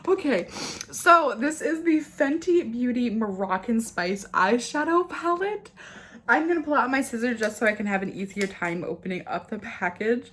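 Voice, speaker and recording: A young woman unboxing makeup on camera, gushing, squealing and near tears with excitement. Her voice sits high and swings widely in pitch. A faint hiss runs under the recording. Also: normal speed. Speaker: beauty vlogger.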